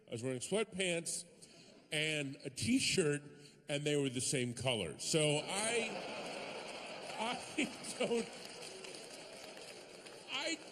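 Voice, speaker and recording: A male stand-up comic with a fairly high, wildly lively voice that swings up into shouted bits. He works a large theater stage on a handheld mic. His voice rings out into a hall with a long reverb tail. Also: slight background noise. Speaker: stand-up comedian. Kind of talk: stand-up comedy.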